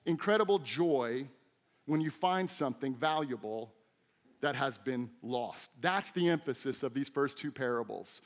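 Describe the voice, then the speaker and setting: A middle-aged man preaching a sermon as a teaching pastor, telling stories with lively, acted-out quotes. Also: on the high side. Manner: animated storytelling with acted-out quotes. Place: church sanctuary.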